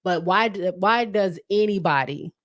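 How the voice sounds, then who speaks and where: A woman's voice: medium pitch, unhurried. A woman hosting a solo podcast in a loose, chatty way, with plenty of fillers and restarts. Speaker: podcast host. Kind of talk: casual solo podcast chat.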